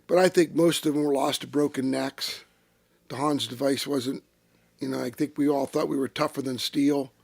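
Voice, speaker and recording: A man's voice: mid-range voice, moderate pace, gravelly, no room sound. An older man, telling salty, profane racing stories in a casual interview. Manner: salty, profane, animated storyteller. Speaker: retired race car driver, interview guest. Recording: dry close-miked studio sound.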